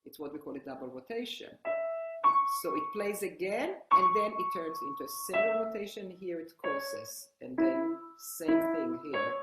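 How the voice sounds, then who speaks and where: A woman's voice: deep voice, lively intonation. An older woman teaching piano technique, explaining as she plays and often restarting her sentences. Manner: explains while playing, halting restarts. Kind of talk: piano lesson demonstration. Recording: echoey room with loud piano. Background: piano playing.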